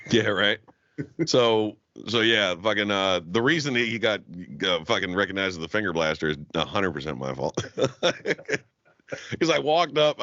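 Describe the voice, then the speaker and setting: Low-voiced and fairly bright, this male podcast co-host trades profane, laughter-filled stories in casual chat and performs other people's lines. There's no echo, but the podcast audio is dull and lo-fi.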